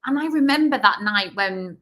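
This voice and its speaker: A woman's voice: medium pitch, lively intonation, a bit bright. A woman from Yorkshire with a Yorkshire accent and a slight Welsh twang, chatting casually and rambling as a guest on a live stream over a video call. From Yorkshire, England. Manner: chatty, rambling, quick asides. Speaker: guest psychic.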